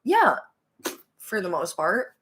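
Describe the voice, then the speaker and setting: A woman co-hosts a podcast in easygoing, casual recap chat. Her voice sits at a middling pitch for a woman. She talks chattily and breaks into ranting, mock-exasperated complaints. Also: wildly swooping pitch, takes it slowly, a bit bright. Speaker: podcast co-host.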